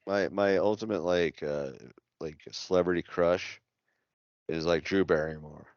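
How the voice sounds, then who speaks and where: A man's voice: deep voice, steady tone, a little slow, a little mellow, no echo. A man co-hosting a podcast, chatting in an easygoing, laid-back way. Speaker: podcast co-host. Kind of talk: casual chat. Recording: dry, dull lo-fi sound.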